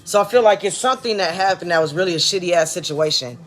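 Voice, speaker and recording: A man giving a relaxed, chatty tarot reading. He drifts into soft, murmured blessings. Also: high-pitched, fast talker, faint music behind. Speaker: tarot card reader. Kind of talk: casual live tarot reading.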